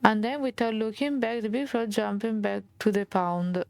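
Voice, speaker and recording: A woman with an Italian accent reading a game's fairy tale aloud as a streamer, halting and restarting, with Italian asides. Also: a little high, fairly even intonation, vocal fry, darkish tone, dry recording. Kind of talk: reading game text aloud.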